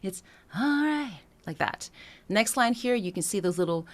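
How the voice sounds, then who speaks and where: Here the same vocal coach has a fairly low voice and talks at a normal speed about where to breathe while singing. Her tone is explanatory, she sings brief phrases as examples, and she lets out the occasional light laugh.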